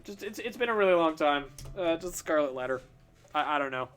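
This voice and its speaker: A man's voice: fairly high pitch, lively intonation, a little fast, a bit bright, clear, resonant tone, faint music behind. A young man chatting casually while drawing on a stream, rambling and stumbling over restarts with self-deprecating laughs. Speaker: streamer answering chat questions while drawing. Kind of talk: casual chat.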